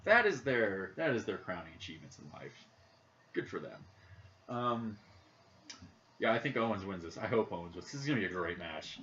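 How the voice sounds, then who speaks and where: Playing a video game during a casual podcast chat, a young co-host with a Midwestern accent rambles, jokes and thinks out loud. His fairly low voice is sing-song, pushed and bright, at a normal pace with frequent pauses, on dull lo-fi audio with faint noise behind it.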